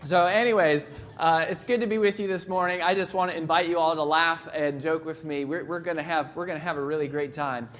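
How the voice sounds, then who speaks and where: A man's voice: on the high side, fairly even intonation, brisk, hardly any pauses, fairly bright tone. A man giving a live motivational keynote at a convention, telling funny stories and acting out voices. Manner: storytelling, jokey, acts out voices. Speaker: keynote speaker.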